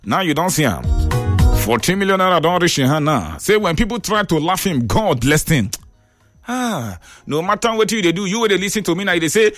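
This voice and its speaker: A Nigerian man hosting a radio call-in show in Pidgin, animated and exclaiming as he reads listener messages. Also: high voice, normal speed, faint music behind. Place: radio studio.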